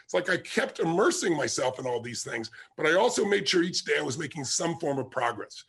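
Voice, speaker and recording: A man's voice: on the high side, expressive, fairly quick, creaky, fairly bright tone, breathy edge. A middle-aged man giving an emphatic motivational talk to his audience, telling stories and punching key words. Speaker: motivational speaker.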